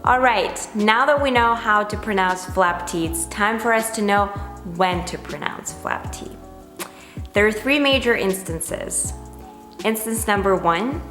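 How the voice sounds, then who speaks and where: Slow, careful woman teaching pronunciation. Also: mid-range voice, fairly bright tone, echoey room. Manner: slow, careful, repeats example words for drill. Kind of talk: pronunciation lesson.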